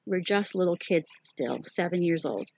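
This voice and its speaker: A woman voicing a serious, blunt seven-year-old girl who speaks in a hushed, whispery way. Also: on the low side, lively intonation, normal speed, dry recording.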